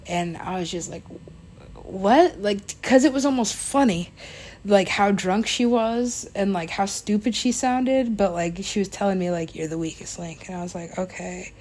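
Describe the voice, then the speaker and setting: A woman's voice: mid-range voice, a little slow, darkish tone. A young woman casually telling a personal story, rambling with lots of fillers, laughing and swearing along the way.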